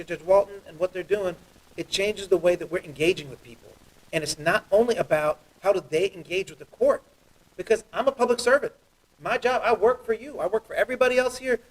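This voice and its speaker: A man who is a judge, talking earnestly and quickly as an interview guest, telling stories with animation. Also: sits high, recorded from a distance, rough recording. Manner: earnest, fast, animated storytelling. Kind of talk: interview guest, heartfelt talk.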